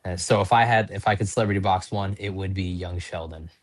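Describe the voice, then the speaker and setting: This North Dakota pro wrestler, guesting on a podcast, has a low, steady voice and talks fairly quickly. He spins casual interview stories in a rambling, chatty manner, often poking fun at himself.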